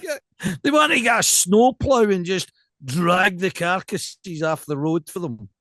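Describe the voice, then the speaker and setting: A Scottish man's fairly high voice carries casual podcast banter. He is animated and jokey, and the sound is dry and close to the mic. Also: unhurried, no echo. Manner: animated and jokey, tells stories with quoted asides. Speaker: podcast co-host.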